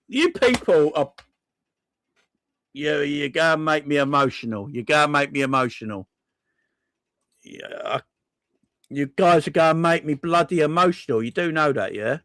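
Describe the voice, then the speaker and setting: A man hosting a casual livestream, thanking viewers one by one in an excitable, effusive way with plenty of slang. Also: a little high, normal speed, long pauses, dry recording. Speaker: livestream host.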